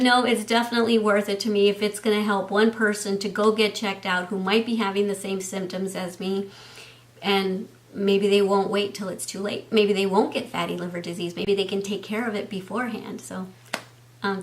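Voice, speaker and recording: A woman talks casually to her viewers from home. She is warm-hearted and chatty, leaning on "um" as she goes, with a voice at an ordinary middle pitch. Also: fairly even intonation, moderate pace. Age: 50s. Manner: chatty and heartfelt, frequent "um" fillers. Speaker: beauty and health vlogger. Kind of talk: casual chat to camera.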